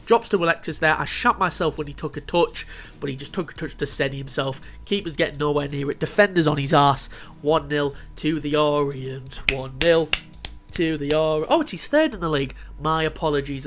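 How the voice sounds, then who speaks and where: Guy commentating his football game, fairly high voice, swears a lot, faint music under it. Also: moderate pace. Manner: excitable, swears freely, talks to the players on screen. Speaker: gaming video host. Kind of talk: casual video game commentary.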